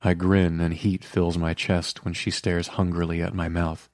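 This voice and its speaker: Deep-voiced male audiobook narrator. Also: level tone, normal speed, darkish tone, no room sound, studio quality. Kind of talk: first-person romance audiobook narration.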